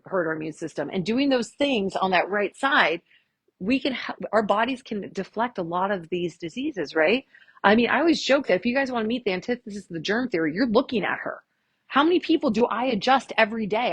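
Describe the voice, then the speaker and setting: Chiropractor woman, husky, animated presenter style, dry room. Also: mid-range voice, no room sound. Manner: chatty, animated, quick asides and jokes. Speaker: chiropractor giving a health workshop. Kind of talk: casual lecture to a live audience.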